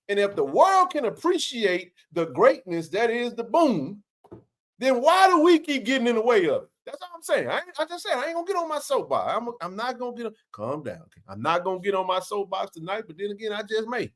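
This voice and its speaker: A man hosting a casual live sports chat, animated and preachy, swearing freely and climbing toward a shout. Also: a little high, normal speed. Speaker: show host.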